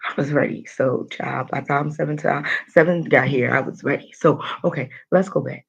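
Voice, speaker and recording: A woman giving a motivational daily vlog, animated and talking straight to her viewers with playful asides. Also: deep voice, normal speed, vocal fry, breathy edge, highs cut off. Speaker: motivational vlogger.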